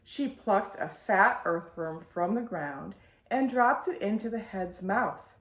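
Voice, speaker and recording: Woman reading a storybook aloud, slow and lively pitch, roomy echo. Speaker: storytime host. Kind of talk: reading a picture book aloud.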